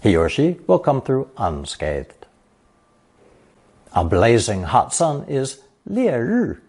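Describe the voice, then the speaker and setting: A man narrating a scripted language lesson, explaining characters slowly and reading example sentences. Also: medium pitch, huge pitch swings, darkish tone, slightly rough. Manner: slow, measured explanations with example sentences read aloud. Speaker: language teacher.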